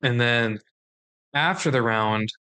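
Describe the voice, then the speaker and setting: A young man with a bright, forceful voice, chatting casually on a podcast. He tells stories with animation and slips into the voices of the people he quotes. His voice sits at an ordinary pitch for a man. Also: slow, clean tone. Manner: animated storyteller acting out quoted dialogue. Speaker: podcast co-host. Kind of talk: casual chat.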